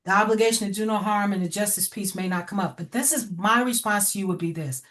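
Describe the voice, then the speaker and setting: A middle-aged woman educator giving feedback over a video call. She talks directly and encouragingly, often breaking into a laugh. Her voice sits at an ordinary pitch for a woman. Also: fast talker, fairly bright tone. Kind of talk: online class feedback.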